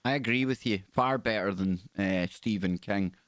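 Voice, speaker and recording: A man's voice: fairly low pitch, moderate pace, a bit bright, no room sound. A man hosting a live call-in radio show, chatty and upbeat, often repeating words as he talks to callers.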